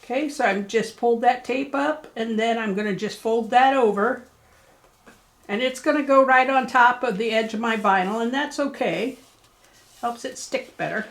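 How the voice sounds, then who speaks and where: Folksy woman walking through a sewing project, chatty and upbeat, kinda high voice. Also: normal speed. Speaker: craft shop presenter. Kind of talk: casual sewing tutorial.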